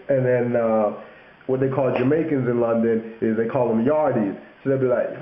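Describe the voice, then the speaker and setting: In a steady, mid-range voice at normal speed, a young YouTuber casually walks through slang terms, laughing, joking, and imitating London voices for his examples. The sound is echoey and tinny, like lo-fi webcam audio.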